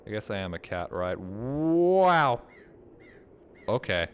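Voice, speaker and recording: A young man streaming a video game, giving casual commentary in mumbled asides that break into loud, excited rants. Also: low voice, quick pace. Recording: game noise behind the voice.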